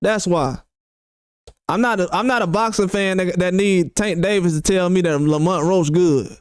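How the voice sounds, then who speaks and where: High-voiced man ranting about boxing. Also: moderate pace, no room sound, studio quality. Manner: animated, mocking, quotes critics sarcastically. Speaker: boxing channel host. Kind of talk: opinionated commentary rant.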